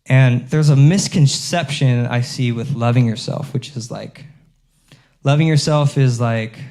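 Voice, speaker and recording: A man pastor giving a sermon in a relaxed, conversational way, with many fillers and restarts. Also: medium pitch, a little slow. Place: church.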